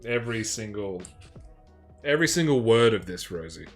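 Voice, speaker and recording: A man's voice: lowish voice, normal speed, faint music behind. Joking man co-hosting a stream. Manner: joking, deadpan, laughs often. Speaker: co-host. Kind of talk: casual livestream chat.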